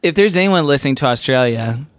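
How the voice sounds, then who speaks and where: Wry male co-host, very animated pitch, quick jokes, laughs a lot. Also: clear, resonant tone, no room sound. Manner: wry, joking delivery with frequent laughter. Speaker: podcast co-host. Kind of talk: comedic podcast chat.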